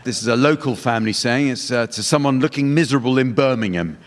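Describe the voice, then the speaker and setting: A man hosting a comedy panel game on stage before a live audience, dry and deadpan. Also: medium pitch, quick pace. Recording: reverberant hall, loud noise.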